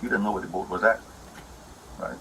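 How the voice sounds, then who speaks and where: A low-voiced man talks fast and rambles, aggrieved and repetitive as he explains his side to an officer. His voice has a gravelly rasp. The audio is noisy, like body-camera sound inside a house. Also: pushed and bright. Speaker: husband explaining a domestic dispute. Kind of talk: heated complaint to an officer. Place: indoors at a house.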